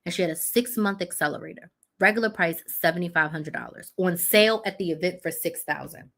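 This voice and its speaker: Woman, 30s, business coach, live chat host, bright tense voice, blunt animated storytelling. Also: fairly low pitch, fairly quick.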